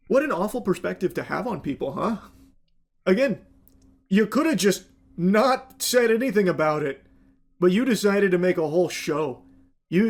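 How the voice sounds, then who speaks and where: A man delivering critical video commentary in a sarcastic, scolding tone. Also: sits high. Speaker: commentary YouTuber.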